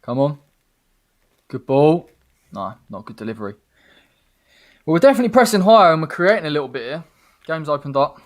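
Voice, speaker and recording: A man co-hosting a football watchalong, reacting to play in an animated way and urging players on. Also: on the high side, brisk, pauses often. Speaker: co-host of a fan channel watchalong. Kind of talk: excited live match commentary.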